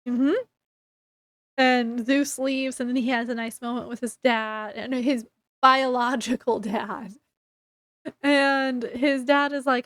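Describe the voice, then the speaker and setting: Woman book reviewer, high, unhurried voice, chatty recap, dry close sound. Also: steady tone, a bit bright, no echo. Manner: chatty, retells scenes with quoted dialogue.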